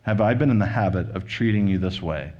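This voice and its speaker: A male pastor giving a sermon, retelling and reading a scripture story in a relaxed, conversational manner. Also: low voice, a little fast, lo-fi sound. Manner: conversational storytelling, paraphrasing scripture with quoted voices.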